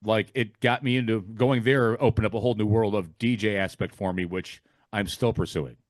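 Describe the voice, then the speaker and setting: A man in a casual DJ roundtable, telling stories in a relaxed, candid way. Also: on the low side, moderate pace, no room sound. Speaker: DJ guest. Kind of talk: casual online roundtable chat.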